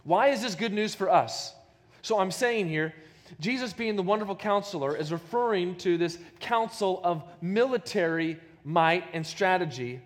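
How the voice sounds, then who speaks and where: A pastor giving a sermon, emphatic and full of rhetorical questions. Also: male voice, sits high, animated, normal speed, in a large hall.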